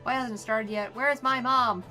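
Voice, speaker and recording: A woman's voice: fairly high pitch, normal speed, faint music behind, pitched above the performer's own voice. A woman voicing an eager young boy who wants to watch a play and be a hero. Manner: whiny, excited.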